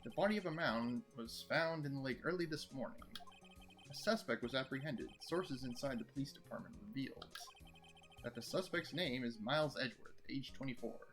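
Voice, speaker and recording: A man's voice: mid-range voice, animated, a little fast, over music, close to an everyday voice. A man voicing a formal male TV news anchor while reading a video game aloud. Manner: formal broadcast delivery.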